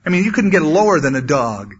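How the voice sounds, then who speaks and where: Man, pastor, earnest sermon, husky voice, slightly high, muffled lo-fi recording. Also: sing-song, quick pace. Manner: earnest Bible teaching, acting out quotes with sudden loud high bursts.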